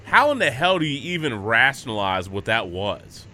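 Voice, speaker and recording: A man hosting a podcast in casual chat, relaxed and chatty. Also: mid-range voice, normal speed, a little hiss or hum. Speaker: podcast host.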